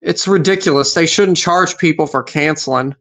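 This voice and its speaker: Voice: mid-range voice, moderate pace, fairly bright tone. A recap host giving casual commentary, agreeable and chiming in with hesitant fillers.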